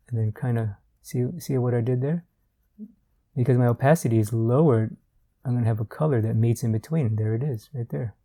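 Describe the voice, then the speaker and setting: A man giving a relaxed art tutorial while he works, thinking aloud with fillers and repeated words. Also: mid-range voice. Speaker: art instructor.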